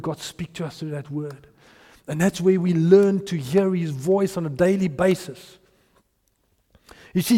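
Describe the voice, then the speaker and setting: A man preaching a sermon as pastor, earnest, building emphasis and letting phrases trail off softly. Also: sits high, long reverb tail.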